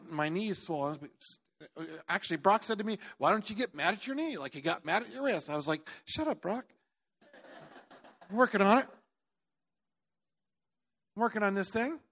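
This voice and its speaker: A middle-aged man preaching in a church, his somewhat high voice leaping from near-shouts down to low, earnest tones. He tells his story with animated energy and drops in the odd joke. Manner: animated storytelling, swinging from loud outbursts to quiet earnest tones; jokey asides. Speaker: pastor. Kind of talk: sermon.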